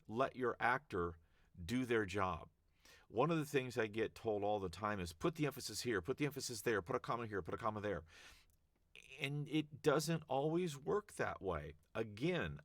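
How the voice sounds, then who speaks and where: Low-voiced man giving voice-over advice. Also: a bit bright, no echo, clean studio sound. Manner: conversational, emphatic, demonstrates readings. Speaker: voice actor. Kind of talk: casual advice talk to camera.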